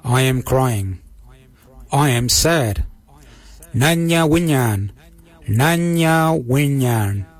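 A man teaching words and sentences on a radio language lesson, repeating each phrase slowly and carefully. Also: medium pitch, lively intonation, slightly rough. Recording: radio broadcast with faint music.

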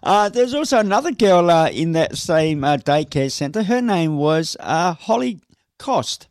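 A man's voice: a little high, very animated, a little slow, dry recording, clean studio sound. A man hosting a casual radio chat, talkative, with many fillers and frequent laughs. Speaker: radio host. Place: teaching in New York City.

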